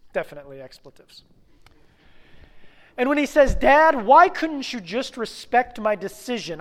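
A pastor in his thirties, his voice sitting high, preaches a conversational sermon and fires many rhetorical questions at the congregation.

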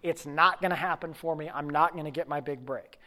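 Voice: medium pitch, fairly quick, sharp tone, pitched below the performer's own voice, natural voice. A preacher playing a broke young actor who is anxious but determined. The talk is earnest and nervous, told as part of a spoken sermon story.

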